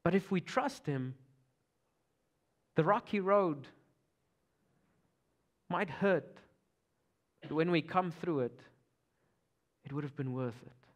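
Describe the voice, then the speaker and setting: Speaking slowly with long pauses, this male pastor has an Afrikaans South African accent and a fairly high, animated voice. His sermon shifts from loud, urgent calls to hushed passages that are close to whispers.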